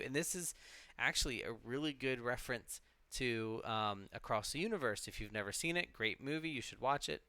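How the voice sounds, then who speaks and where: Brisk and with few pauses, a medium-pitched man co-hosts a live witchcraft stream in a sharp, smooth voice with no room sound. He rambles casually and reflectively, swears freely, and keeps restarting sentences.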